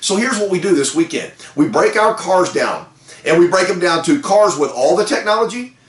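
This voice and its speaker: A man hosting a car sales meeting, giving an energetic, folksy motivational pep talk. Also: high-pitched, normal speed, roomy sound. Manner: energetic, folksy, lively with whoops.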